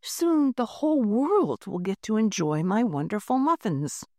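A cheerful male furnace machine turned baker, proud of his muffins and eager to please, as a woman reading a storybook puts him on. The voice bounces lively with a warm, soft tone, recorded dry and close. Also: medium pitch, a little slow, no room sound.

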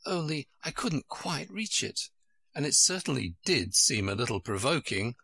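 A man's voice: mid-range voice, big pitch swings, normal speed, vocal fry, sharp tone, breathy edge, no room sound, full character voice. A man voicing a polite, curious little girl who pleads eagerly and keeps asking questions.

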